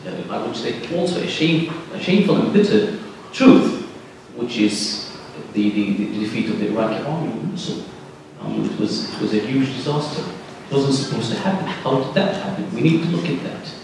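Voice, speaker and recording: A man on a discussion panel, speaking earnestly and haltingly with many restarts. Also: mid-range voice, lively intonation. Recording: echoey hall, distant mic, some noise.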